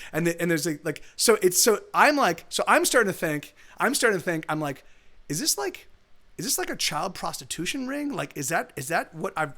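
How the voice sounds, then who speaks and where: Stream host, young man, high voice, rambling storyteller. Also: a bit bright. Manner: rambling storytelling with many restarts and acted quotes. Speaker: livestream host. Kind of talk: casual chat.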